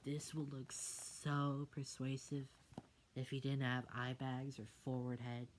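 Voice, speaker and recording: A woman reads a picture book aloud in an almost-ASMR style, slow and unhurried. Her voice sits low, and she drops into soft half-whispers for her asides. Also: flat delivery, a little hiss or hum. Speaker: book reader.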